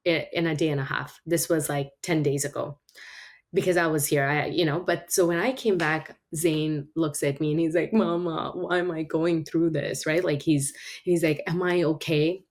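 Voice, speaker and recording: Lower-pitched woman telling stories animatedly. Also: moderate pace. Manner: animated storytelling with frequent laughs. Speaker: guest. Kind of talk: casual conversation.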